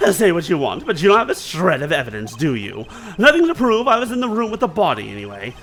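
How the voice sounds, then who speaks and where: A man's voice: high voice, exaggerated voice. A man putting on a blustering Southern-drawl witness. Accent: put-on Southern US. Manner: blustering, defensive, shouting. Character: sleazy loud male witness with a put-on country drawl.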